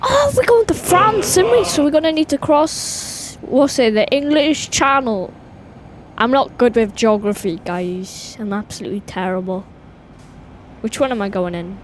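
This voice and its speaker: A Welsh woman hosts a gaming video, her high voice chatty and excitable at normal speed as she talks to viewers. It's casual gameplay commentary, with game engine noise and truck and vehicle sounds from the game behind her.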